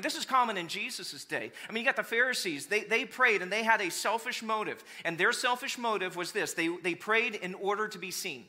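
A man preaching a sermon in a church, acting out voices to make his points with humor. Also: sits high. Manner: animated, acts out voices of people for humor. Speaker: pastor.

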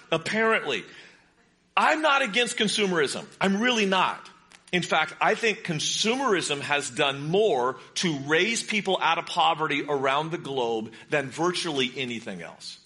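A man's voice: a little high, animated, normal speed, bright, forceful tone. A pastor preaching a sermon in a conversational way, asking his congregation questions. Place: church sanctuary with congregation.

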